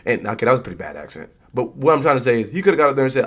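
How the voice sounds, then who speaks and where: A young man talks straight to his chat in a relaxed, slangy way, riffing loosely like a streamer hanging out with viewers. His voice sits at an ordinary middle pitch for a man, and he keeps it casual and conversational. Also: fast talker, hardly any pauses. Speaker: streamer reacting to wrestling.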